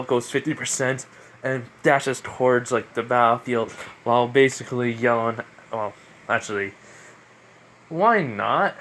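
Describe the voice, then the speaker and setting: Man, casual storyteller, rambling, fillers, middle pitch, recorded at home. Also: fairly bright tone, slight background noise. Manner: rambling, full of fillers and restarts. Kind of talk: casual fan-fiction retelling.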